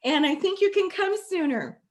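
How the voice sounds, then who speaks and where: A woman's voice: very high voice, lively intonation, normal speed, a crowd in the background. Emotional woman hosting a video call. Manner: warm, affectionate, tearful at times. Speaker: masterclass host. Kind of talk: live video call talk.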